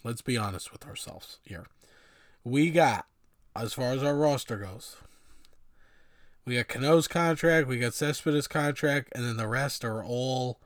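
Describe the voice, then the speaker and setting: A man's voice: mid-range voice, a little slow, dry recording, clean studio sound. A man giving a casual, rambling sports opinion monologue with many fillers and sardonic asides. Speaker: sports commentator.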